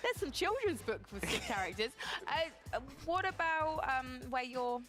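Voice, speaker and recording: A woman hosting a casual panel chat, playful and quick to laugh. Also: sits high, sing-song. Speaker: host. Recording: music playing behind.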